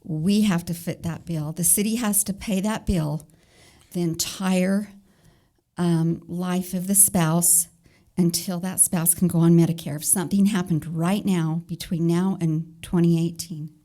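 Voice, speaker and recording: Woman, city staff, council meeting, low pitch, dark tone, hesitant explaining. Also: steady tone, a little slow. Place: council chamber.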